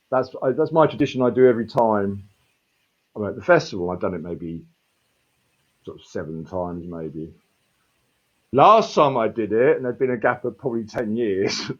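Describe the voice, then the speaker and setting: A man in his fifties, a street performer, telling a rambling, animated story and swearing freely. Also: on the low side, dull audio. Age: 50s. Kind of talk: casual storytelling.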